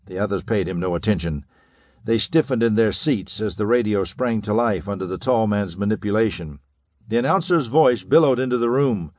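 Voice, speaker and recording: A man narrating an audiobook of 1930s pulp fiction with a measured, dramatic reading. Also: lowish voice, darkish tone, dry recording, clean studio sound.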